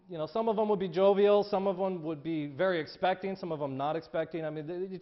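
High-voiced male preacher, lo-fi. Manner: conversational storytelling, frequent repeated words. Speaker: pastor. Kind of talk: sermon.

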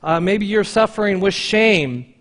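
High-voiced man preaching a fervent sermon. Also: animated, unhurried, fairly bright tone. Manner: earnest, repetitive exhortations, rising to fervent urging.

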